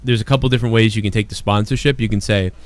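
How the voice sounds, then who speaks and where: Man from Massachusetts, casual podcast chat, smooth resonant voice, dry close sound. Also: fairly low pitch, steady tone, rapid-fire, dry recording. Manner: rambling, swearing, many fillers. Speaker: podcast host.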